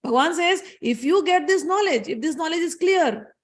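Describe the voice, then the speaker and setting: A woman's voice: extremely high pitch, lively intonation, normal speed. A woman giving an earnest scripture discourse as a spiritual teacher, repeating key phrases as she explains a story.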